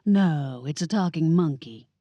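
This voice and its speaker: A woman voicing a sarcastic young woman in an audiobook, with a dry, deadpan delivery. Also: low-pitched, unhurried, dry recording.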